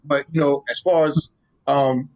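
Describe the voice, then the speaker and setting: A young New Yorker who explains Tolkien on social media talks unhurriedly in a slightly high, somewhat raised voice during a casual interview. Energetic and street-flavored, he repeats words and restarts sentences, relaxed and ready to teach.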